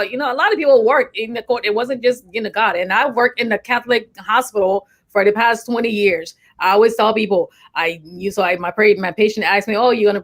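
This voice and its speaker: A woman who is a nurse co-hosting a talk show, telling stories in a chatty way full of fillers. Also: mid-range voice. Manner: chatty, storytelling, many fillers. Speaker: nurse and co-host.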